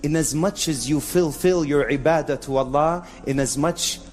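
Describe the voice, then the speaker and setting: A man preaching a lively live sermon to an audience, mixing Arabic phrases into English, in a venue with a sound system. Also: fairly high pitch, moderate pace, soft background music. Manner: animated, mixes in Arabic phrases.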